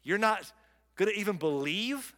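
A pastor preaching a sermon, reading scripture and adding conversational, joking asides. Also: male voice, high voice, expressive, moderate pace, a bit bright, big-room sound.

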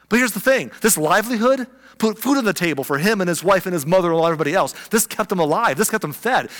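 A man preaching a sermon as pastor, animated and conversational, with frequent exclamations, in a church sanctuary. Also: high-pitched. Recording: long reverb of a large hall.

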